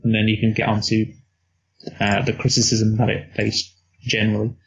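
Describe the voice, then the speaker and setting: A man co-hosting a movie review podcast in casual chat, relaxed and rambling. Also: fairly low pitch, normal speed, husky. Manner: relaxed, rambling, laughs at own slips. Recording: dull lo-fi recording.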